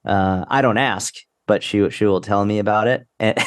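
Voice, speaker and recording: A man's voice: on the low side, normal speed, clear, resonant tone. A young man co-hosting a fitness podcast in casual chat, laid-back, cursing offhandedly and restarting his sentences. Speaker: podcast co-host.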